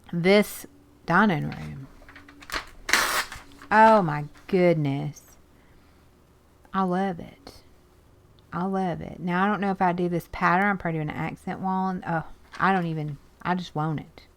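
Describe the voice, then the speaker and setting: Sorting through magazines, a woman hosting an art journaling video chats in a lowish, fairly even voice, a little slow, with vocal fry and long pauses. She exclaims over pictures and reads snippets aloud. A faint hiss or hum is audible.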